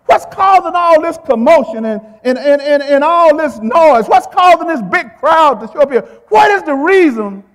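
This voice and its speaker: A man's voice: very high-pitched, normal speed, fairly bright tone, long reverb tail. A man acting out a desperate blind male beggar pleading for mercy. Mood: urgent. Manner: urgent, pleading cries.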